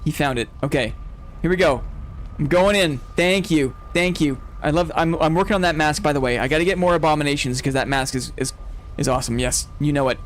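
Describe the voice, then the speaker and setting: A man streaming a game live, commenting casually and getting excited and gushing as he explores. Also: on the high side, fairly quick, a little hiss or hum. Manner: excitable, gushing, laughs often.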